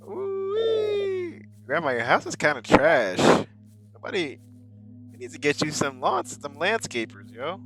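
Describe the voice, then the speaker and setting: A man joking and yelling through a horror game playthrough with casual commentary. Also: medium pitch, sing-song, normal speed, music in the background. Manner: joking, with loud outbursts. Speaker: game player. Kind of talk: let's play commentary.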